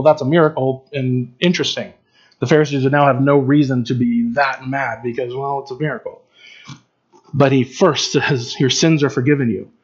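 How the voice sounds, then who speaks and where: A man's voice: medium pitch, muffled recording. A man preaching in an informal, conversational way, with frequent fillers and restarts. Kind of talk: informal Bible teaching.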